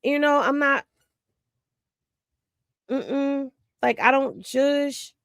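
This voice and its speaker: A woman's voice: sits high, very slow, dry recording, studio quality. Chatty, tired woman hosting a live stream. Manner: chatty, gossipy, talks straight to viewers. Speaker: livestream host. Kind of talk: casual livestream chat.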